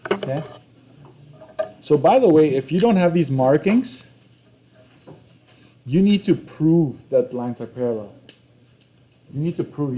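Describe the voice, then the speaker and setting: Young guy teaching math in a classroom, mellow voice, mid pitch, keeps saying okay. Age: young adult. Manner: conversational, repeats himself, frequent "okay?" check-ins. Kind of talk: classroom lesson walkthrough.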